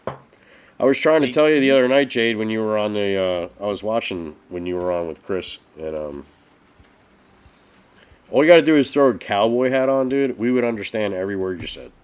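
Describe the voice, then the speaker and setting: A man on a casual live stream, telling road stories in an animated way and swearing a lot. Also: fairly low pitch, smooth. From northeastern US. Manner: animated storytelling, heavy swearing. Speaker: podcast co-host.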